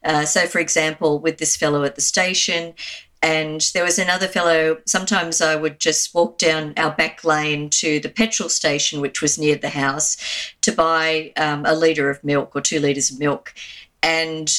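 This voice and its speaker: A woman's voice: deep voice, little pitch movement, moderate pace. An Australian woman, an Anglican minister, recounting a personal story in an interview with frequent fillers. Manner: warm anecdotal retelling with fillers.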